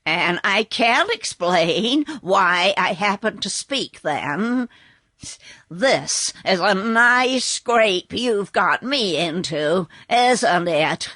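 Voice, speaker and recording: A woman voicing a gloomy, growling male cab horse in a storybook reading, slow and a little louder than her narration. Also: mid-range voice, animated, no room sound, studio quality, exaggerated voice. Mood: grumbling.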